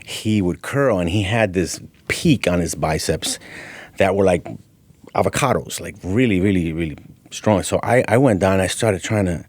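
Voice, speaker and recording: A man with a fairly low voice telling a personal story as a podcast guest, lively and casual. The sound is dry and close. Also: normal speed, dry recording. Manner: animated storyteller, acting out quoted voices. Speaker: guest, gym owner. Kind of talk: storytelling in an interview.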